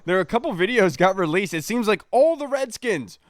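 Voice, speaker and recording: Laid-back young man, slightly high. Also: very animated, a little fast, dry recording. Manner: laid-back, says "dude" a lot. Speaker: podcast co-host. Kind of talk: casual sports chat.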